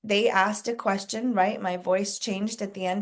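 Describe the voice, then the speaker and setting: A woman leading a casual sales coaching call, talking to a group, asking them questions and clearing her throat often. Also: mid-range voice, level tone, unhurried.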